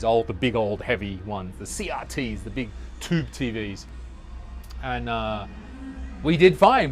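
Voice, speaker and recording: A young male comedian rambles through a loose, sweary monologue at an ordinary middle pitch, now and then slipping into high mock voices. He records outdoors on a city balcony with a portable recorder. The sound is not studio quality, and faint music plays somewhere in the city behind him. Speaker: comedy podcast host.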